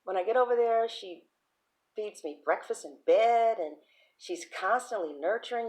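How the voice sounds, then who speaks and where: Animated, chatty tarot-reading woman. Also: mid-range voice, moderate pace. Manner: chatty, animated, profane storytelling. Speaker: tarot reader. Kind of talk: casual livestream reading.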